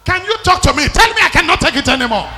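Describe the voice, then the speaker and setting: High-pitched preacher in a reverberant hall. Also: male voice, very animated, fast talker. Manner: impassioned, repetitive, call-and-response preaching that builds to shouting. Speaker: pastor. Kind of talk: sermon.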